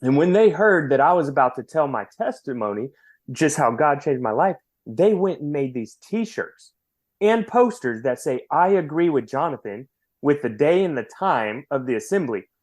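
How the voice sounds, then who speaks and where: A man who is a podcast guest, telling his personal testimony in an earnest, animated way and often repeating words as he goes. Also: fairly high pitch, moderate pace.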